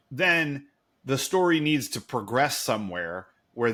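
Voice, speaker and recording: A man's voice: medium pitch, expressive, moderate pace, bright, forceful tone. A man co-hosting a podcast, recapping a TV episode in rambling, sarcastic, profane casual chat. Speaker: podcast co-host.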